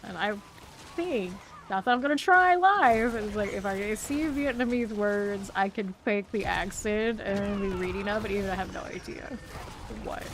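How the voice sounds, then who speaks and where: A woman, chatting casually while streaming a video game, chatty and quick to laugh. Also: mid-range voice, background noise. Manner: chatty, laughs often, trails off. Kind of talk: casual chat while gaming.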